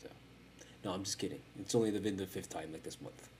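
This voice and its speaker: A man's voice: sits low, fairly quick, mellow, slight background noise. A man hosting a casual solo sports podcast from home, rambling and self-mocking with plenty of swearing and sing-song chanting. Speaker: podcast host. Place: at home in front of a camera.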